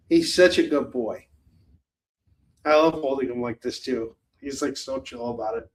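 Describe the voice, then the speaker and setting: A man with a mid-range, animated voice hosts a live shopping stream at a measured pace. His talk is casual livestream chat, loose and easygoing, with plenty of laughter and free swearing.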